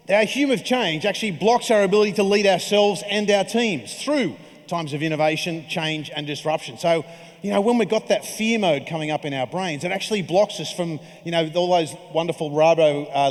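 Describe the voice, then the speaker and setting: A man in his forties gives a keynote in a loose, joking, conversational manner. His voice sits on the high side. It rings with the long reverb of a big conference hall. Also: moderate pace. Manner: jokey, conversational storytelling. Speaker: keynote speaker. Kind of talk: keynote speech.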